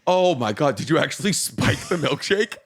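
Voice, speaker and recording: A man co-hosting a podcast, reacting in casual banter with excitable, swearing jokes. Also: fairly high pitch, normal speed, slightly rough. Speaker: podcast co-host.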